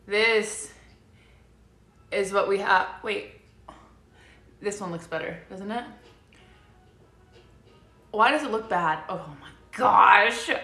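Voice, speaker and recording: A young woman with a mid-range, sharp-toned voice livestreams from her home kitchen, chatting casually with viewers, giggling and rambling as she cooks. The room is echoey and the mic sits a bit far away.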